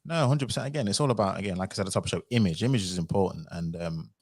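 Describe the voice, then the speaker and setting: Male livestream host, deep voice, quick relaxed delivery, dry sound. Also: no echo. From United Kingdom. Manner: relaxed, filler-heavy, agreeable. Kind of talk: casual panel discussion.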